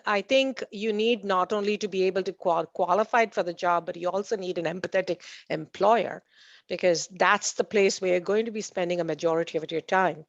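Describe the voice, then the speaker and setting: A woman's voice: medium pitch, moderate pace, dry recording. Woman speaking on a dull, dry recording. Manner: hesitant, many fillers and restarts, laughs at own anecdotes. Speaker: panelist at a community meeting. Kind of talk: conversational panel remarks.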